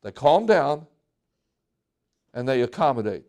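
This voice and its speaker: High-voiced man preaching conversationally. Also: animated, normal speed, darkish tone. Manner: conversational preaching with acted-out quotes. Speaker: pastor. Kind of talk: sermon.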